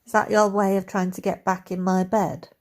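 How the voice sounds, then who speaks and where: A woman's voice: medium pitch, moderate pace, lightly acted. Woman voicing a dry, sardonic heroine. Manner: dry, deadpan.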